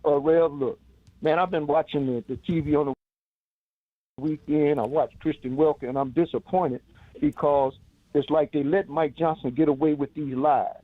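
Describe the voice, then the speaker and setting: A man's voice: fairly high pitch, steady tone, moderate pace, no room sound. Man on a tinny phone line. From Chicago, US. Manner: earnest, direct, plain-spoken. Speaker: caller. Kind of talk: call-in political commentary.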